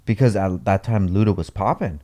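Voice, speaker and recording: Male podcast co-host, very low voice, easygoing banter. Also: a little fast, mellow. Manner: laid-back, joking, earnest when praising. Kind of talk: casual chat.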